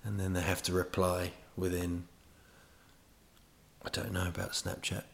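A man's voice: deep voice, completely flat delivery, unhurried, creaky. A man hosting a podcast, telling a rambling comic monologue full of digressions and self-mocking asides. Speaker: podcast host.

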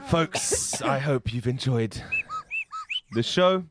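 A man's voice: medium pitch, expressive, slow, background noise. A man in his twenties hosting a comedy podcast, teasing and joking with his guests. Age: 20s. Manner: playful, teasing. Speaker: host. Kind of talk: casual comedy podcast banter.

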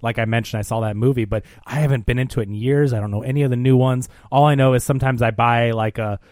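Male podcast co-host, casual and laughing, mid pitch, dry mic. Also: steady tone, fast, darkish tone, no room sound. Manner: chatty, laughs often. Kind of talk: casual chat.

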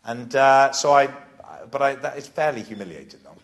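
A man's voice: medium pitch, normal speed. A man with a Welsh accent, a podcast guest, telling self-mocking anecdotes in casual chat and acting out the quotes. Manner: animated storyteller, self-mocking, acts out quotes. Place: live comedy podcast venue.

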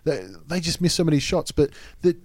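A man's voice: fairly high pitch, fairly even intonation, brisk, darkish tone, no room sound, studio quality. An Australian man co-hosting a sports podcast, talking through match analysis in casual chat and laughing often. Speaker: podcast co-host.

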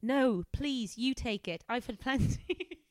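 A woman's voice: a little high, expressive, takes it slowly, a little mellow, no room sound, voice pushed up. A woman voicing a prim, posh woman detective in a put-on upper-class English accent, refined and genteel.

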